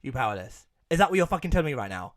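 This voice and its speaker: A man's voice: mid-range voice, very animated, rapid-fire. A young man with an English accent, co-hosting a casual podcast, ranting about a film with lots of swearing and acted-out quotes. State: coughing, something stuck in throat. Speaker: podcast co-host.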